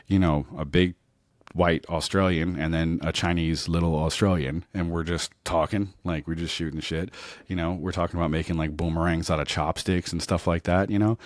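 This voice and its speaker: A man's voice: low voice, no room sound, clean studio sound. A man hosting his podcast, telling a rambling comic story and checking in with "right?" and "you know?". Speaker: podcast host.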